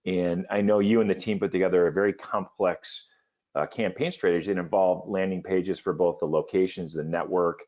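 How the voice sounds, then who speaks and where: A man's voice: low-pitched, fairly even intonation, moderate pace, a little mellow, dull audio. A man hosting a business webinar, speaking in a confident, emphatic salesman manner over a video call. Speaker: webinar host.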